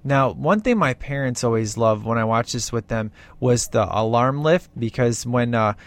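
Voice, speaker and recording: A man's voice: mid-range voice, lively intonation, moderate pace. A man chatting casually about a movie he loves, enthusiastic and rambling, often acting out quoted lines. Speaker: movie reviewer.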